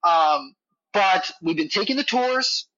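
Man, rambling casual storyteller, bright higher voice, dull lo-fi dry audio. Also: animated, takes it slowly, no room sound. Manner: rambling, heavy use of "like" and "you know". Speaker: podcast guest, reptile facility worker.

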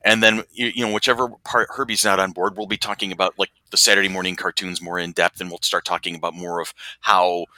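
A man co-hosting a podcast in casual chat, animated and jokey, quick to chime in. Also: low-pitched, no room sound, poor audio. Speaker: podcast co-host.

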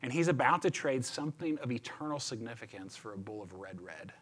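A man's voice: medium pitch, lively intonation, quick pace, slight background noise. A man giving a chatty, conversational sermon as a pastor, often repeating words and checking in with "right?".

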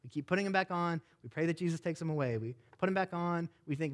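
A young adult man, a pastor, preaching a sermon with animated, emphatic delivery. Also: a little high, quick pace, few pauses.

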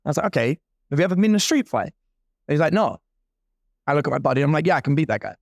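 A man's voice: fairly high pitch, very animated, racing, gravelly, no room sound, studio quality. A man in his forties telling a story in casual talk, playing out the other people's lines as he goes. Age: 40s. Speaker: guest entrepreneur.

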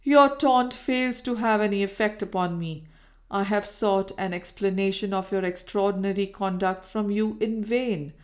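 A woman reading the part of an insistent gentleman who presses a former lover for answers, in a forceful, demanding tone. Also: mid-range voice, lightly acted.

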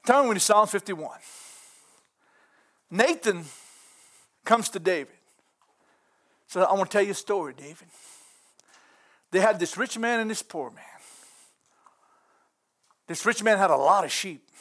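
A man preaching a sermon with passion, breaking into fervent exclamations and rising to shouts as he drives his points home. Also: high voice, animated, unhurried, long pauses.

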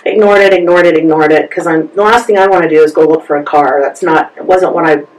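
A woman's voice: low-pitched, steady tone, quick pace, a little hiss or hum. A woman, a guest on an interview podcast, telling a personal story with lots of energy and acting out both sides of the conversations. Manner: acts out both sides of conversations, laughs often. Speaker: interview guest, massage therapist. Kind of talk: animated storytelling. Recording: roomy sound from a distance.

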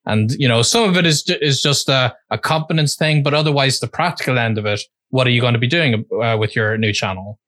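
Male podcast host, mid pitch, thoughtful and slightly hesitant, dry close mic. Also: a little fast, hardly any pauses, fairly bright tone, no room sound. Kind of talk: casual interview.

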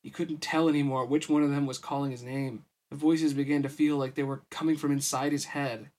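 A man's voice: medium pitch, flat delivery, a little fast, darkish tone. A tired man reading a novel aloud for his podcast, with casual, weary asides. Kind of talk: audiobook-style story reading.

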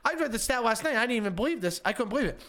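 A man's voice: very high-pitched, expressive, very fast, sharp tone. A man co-hosting a sports talk show, chatting casually, rambling and insistent with many stammered restarts. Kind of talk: casual sports radio chat.

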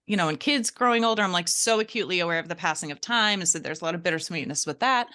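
A woman's voice: on the low side, rapid-fire, sharp tone. A woman on a podcast speaking candidly and hesitantly about a book. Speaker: podcast panelist. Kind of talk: casual podcast book discussion.

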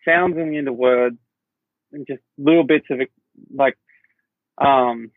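A man's voice: mid-range voice, measured pace, no echo. A young Australian man chatting as a podcast guest, rambling and restarting his sentences as he tells stories. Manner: rambling, self-interrupting storyteller with fillers. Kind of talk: casual chat. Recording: dull lo-fi sound.

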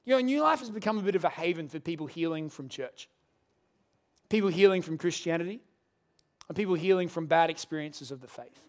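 A man's voice: on the high side, expressive, fairly quick. A young adult man, a pastor preaching a sermon and telling a story with humorous asides.

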